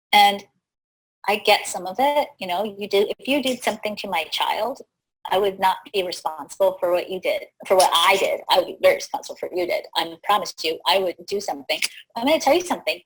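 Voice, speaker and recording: A woman hosting a live talk, teaching in an animated way, laughing easily and often asking "right?". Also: medium pitch, breathy edge, rough recording. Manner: laughs easily mid-sentence. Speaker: host.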